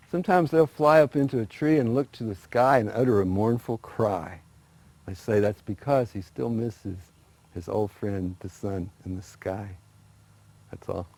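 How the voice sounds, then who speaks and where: A man telling traditional folktales in a relaxed, conversational way, with small restarts. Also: fairly low pitch, dry recording. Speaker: storyteller guest. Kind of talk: oral folk storytelling.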